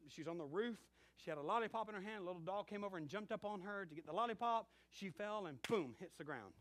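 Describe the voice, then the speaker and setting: A middle-aged male pastor preaching a sermon, telling stories and acting out bits of dialogue. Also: on the high side. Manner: animated storytelling with acted-out dialogue.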